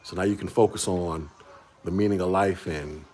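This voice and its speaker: A man's voice: low voice, fairly even intonation, normal speed, darkish tone. A man in his forties, a livestream host, chatting casually with viewers in a laid-back way and laughing often. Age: 40s.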